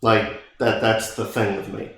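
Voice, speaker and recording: A man's voice: fairly low pitch, level tone, measured pace, a bit bright. Sheepish sarcastic young man, echoey room. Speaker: podcast co-host. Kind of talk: casual chat.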